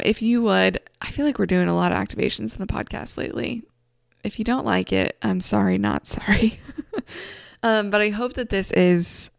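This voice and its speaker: A woman hosting a faith podcast, speaking earnestly and conversationally, easing into a soft, slow guided meditation. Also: mid-range voice, creaky, no echo, clean studio sound. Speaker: podcast host. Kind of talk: devotional podcast talk.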